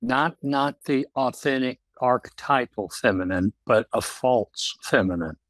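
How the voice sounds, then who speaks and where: An older man speaking slowly and haltingly in a reflective podcast conversation, pausing often and restarting his sentences. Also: mid-range voice, a bit bright, dry recording. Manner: slow, halting, with many pauses and restarts. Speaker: guest.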